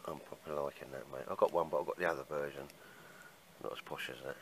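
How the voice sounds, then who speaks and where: Deep-voiced man chatting outdoors. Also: fairly even intonation, fast talker, fairly bright tone, slight background noise, low-quality recording. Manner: chatty, laughs often, calls everyone mate. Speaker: bushcraft vlogger. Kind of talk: casual outdoor chat to camera. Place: outdoor woodland camp in rain.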